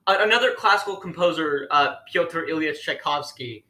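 A man's voice: on the high side, moderate pace, pushed and bright. A man hosting an improvised comedy interview, hesitant and stammering, asking incredulous questions. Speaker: host. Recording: roomy echo.

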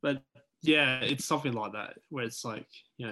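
A man co-hosting a casual film podcast, relaxed and agreeable. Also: mid-range voice, brisk, a little hiss or hum. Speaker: podcast co-host.

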